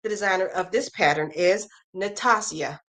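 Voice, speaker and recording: A woman's voice: medium pitch, normal speed, fairly bright tone. Chatty woman hosting a crochet stream. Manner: chatty, reads viewer comments aloud and reacts. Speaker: crochet live-stream host. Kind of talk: casual live-stream chat.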